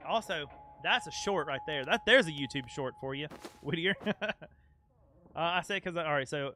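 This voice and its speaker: A man's voice: on the high side, expressive, normal speed, pushed and bright, faint music behind. A young man streaming a game, chatting casually and playfully with his chat. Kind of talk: casual live-stream chat over gameplay.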